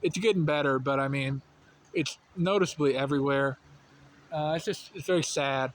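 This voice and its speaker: With slight background noise behind him, the young channel host speaks at a moderate pace in a voice that runs a little high. He's from rural North Carolina, has a light Southern accent, and drifts through a casual monologue with plenty of fillers and restarts.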